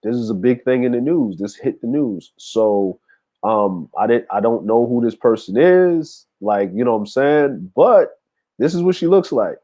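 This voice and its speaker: A man's voice: mid-range voice, expressive, normal speed, warm tone. A man hosting a casual livestream, talking loosely to his chat with frequent fillers and laughter. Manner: laid-back, laughing, talks to chat with many fillers. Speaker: show host.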